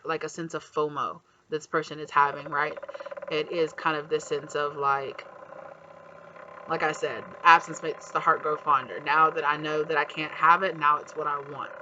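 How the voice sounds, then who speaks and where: A man's voice: on the high side, bright, forceful tone, slight background noise. A man giving a casual tarot reading, rambling with lots of fillers and acting out quotes. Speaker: tarot reader. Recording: slightly dull lo-fi audio, faint background ambience.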